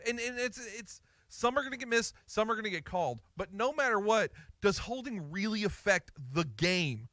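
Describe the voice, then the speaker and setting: Excitable high-voiced radio man. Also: normal speed, hardly any pauses, no room sound, studio quality. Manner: excitable, emphatic, repeats words. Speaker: sports radio co-host. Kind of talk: casual sports talk.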